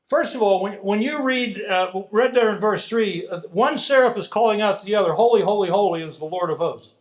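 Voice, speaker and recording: A man preaching a sermon as pastor, animated, swinging from hushed lines to loud emphatic ones. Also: high-pitched.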